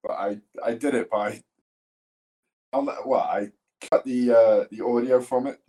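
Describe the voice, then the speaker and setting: A young man in casual podcast chat, stopping and restarting as he hunts for names and words. His pitch is average, and he swears casually when he trips up. He sounds like an easygoing co-host. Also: steady tone, warm tone. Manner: halting, self-correcting, casual swearing.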